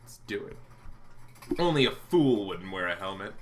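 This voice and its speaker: A man's voice: low-pitched, sing-song, normal speed, noisy background. A man reading a visual novel aloud, dramatic and full of sarcastic asides. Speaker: game reader.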